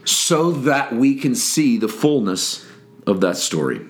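A man with a mid-range voice teaching the Bible on his daily podcast. He explains the passage calmly and reflectively, reading the scripture aloud and then unpacking it for his listeners. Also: mid-range voice, slow.

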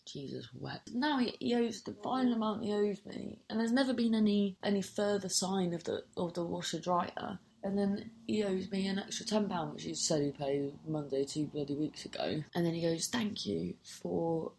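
A woman's voice: medium pitch, normal speed, vocal fry, hardly any pauses, darkish tone, slight background noise. A woman telling a story in casual chat, exasperated and swearing freely, often cutting herself off mid-sentence.

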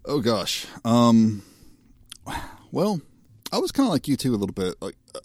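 A man on a podcast chiming in with quick, wry asides in casual chat. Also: mid-range voice, sing-song, darkish tone, dry recording, studio quality.

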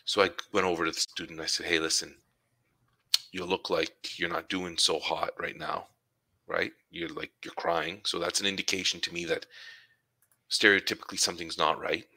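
A man with a very deep, strikingly bright and forceful voice talks casually about his work as a supply teacher. He tells his stories by acting out what he and his students said. The sound is dry and close, with no room echo. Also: vocal fry. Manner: storytelling, acts out dialogue with students. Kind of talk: casual conversation.

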